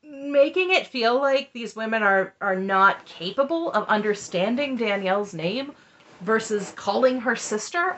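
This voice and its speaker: A woman's voice: a little high, fairly bright tone. A woman hosting a casual, chatty recap with snarky asides. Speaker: recap host. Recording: muffled lo-fi audio.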